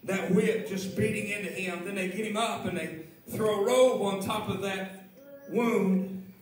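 A male pastor preaching a sermon with impassioned intensity, often shouting and repeating phrases. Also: sits high, steady tone, measured pace. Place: church sanctuary. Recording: echoey church from far off.

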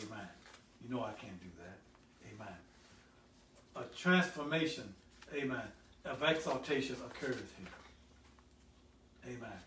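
A male pastor preaching a sermon, swelling loud on scripture and dropping low for "help me, somebody.". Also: a little hiss or hum. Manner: call-and-response preaching, swells loud then drops low. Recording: echoey room, voice from a distance.

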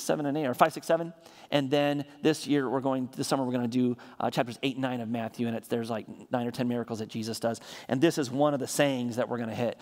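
Animated preaching man, echoing sanctuary. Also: medium pitch. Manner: energetic preaching with emphatic repeated refrains; frequent stammered restarts. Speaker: pastor. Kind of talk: sermon. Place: church sanctuary. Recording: reverberant church hall.

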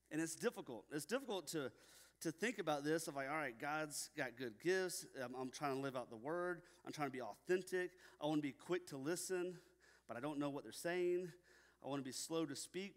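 A young man preaching a sermon at a church, telling stories casually with many fillers. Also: fairly high pitch. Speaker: pastor. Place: church sanctuary. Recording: long reverb in a hall.

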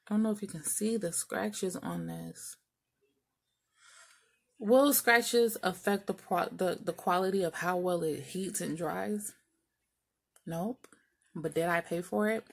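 A woman with a lowish, creaky, husky voice, a vlogger who runs a small business, chats casually with viewers while unboxing packages. She vents her frustration and cusses freely.

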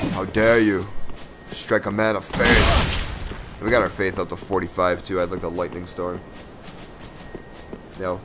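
A man giving casual, profane gameplay commentary, joking and breaking into excited shouts. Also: deep voice, noisy background. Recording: loud music behind the voice.

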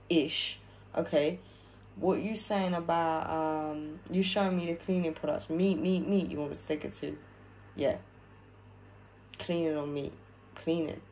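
Low-voiced woman doing a casual spirit reading. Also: darkish tone, a little hiss or hum, rough recording. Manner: conversational, repeats herself and checks with "yeah?". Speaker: spiritual medium channeling a spirit.

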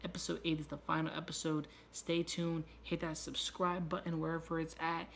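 Male reviewer host: raspy, low-key gravel, excitable swearing rundown. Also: slight background noise. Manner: loose, profane, excitable retelling with quick asides. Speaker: YouTube show reviewer. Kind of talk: casual spoiler recap.

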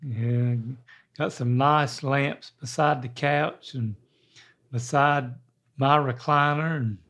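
An older man, giving rambling, folksy home advice in a casual chat and clearing his throat now and then. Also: medium pitch, steady tone, slow, fairly bright tone. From American South. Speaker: guest father giving advice.

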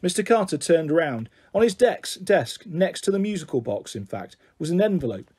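A man narrating a children's storybook aloud with an expressive delivery. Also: sits high, normal speed, slightly rough. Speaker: audiobook reader.

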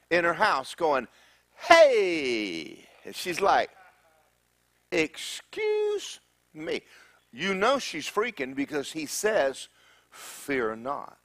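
A male pastor preaching a sermon, animated and joking as he retells a story. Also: mid-range voice, no room sound.

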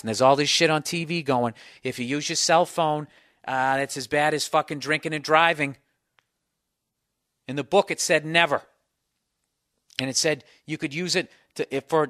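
A middle-aged Boston man rants through a comic story on his podcast, swearing freely and acting out his own panicked thoughts. His voice sits a bit high for a man, and the close mic sounds dry with no room around it. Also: no room sound. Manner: profane, animated storytelling with self-mocking inner voices. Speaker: podcast host. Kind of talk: comic monologue.

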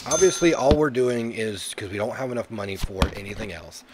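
A man's voice: fairly low pitch, animated, fairly quick, over a noisy crowd. A man hosting a casual let's-play commentary of a video game, chatty and joking, with lots of "uh" fillers. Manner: jokey, chatty, many "uh" fillers. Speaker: gaming YouTuber.

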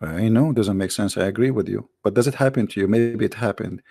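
A man's voice: fairly low pitch, fast talker, gravelly, dark tone, dry recording, studio quality. A man hosting a heated call-in debate, insistent and sarcastic, pressing with repeated questions and cutting in. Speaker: debate host.

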